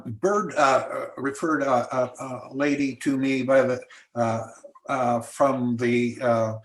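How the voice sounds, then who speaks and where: A man commissioner reporting slowly and haltingly with many fillers. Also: medium pitch, roomy sound.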